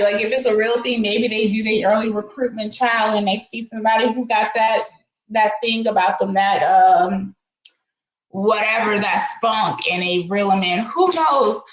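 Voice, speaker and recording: A woman doing a casual live-stream commentary, reading out court papers and reacting with loud exclamations and laughs. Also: on the high side, reverberant, rough recording. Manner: animated, exclaims 'girl' often, laughs.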